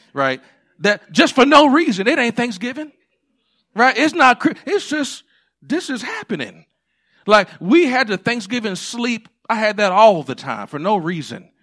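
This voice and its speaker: Pastor, man, high bright gravelly voice; conversational sermon delivery with hushed asides and shouted peaks. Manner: conversational preaching, swings between hushed asides and shouted points.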